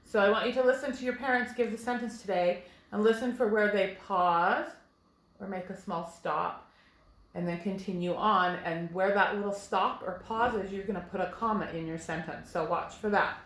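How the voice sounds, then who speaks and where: A woman's voice: mid-range voice, steady tone, fairly bright tone. Patient teacher woman in echoey room. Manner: slow, patient, explaining step by step to young children. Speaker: first grade teacher. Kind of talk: recorded phonics lesson.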